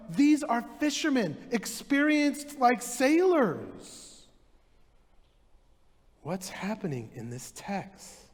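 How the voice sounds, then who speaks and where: A man's voice: very high voice, big-room sound. A man preaching a sermon as pastor, telling stories in a casual, chatty way with many fillers. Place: church sanctuary.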